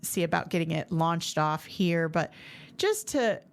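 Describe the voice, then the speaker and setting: A woman podcast host telling a faith story in a chatty, animated way, full of fillers and restarts. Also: on the low side, measured pace, vocal fry, clean tone. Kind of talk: casual faith testimony storytelling.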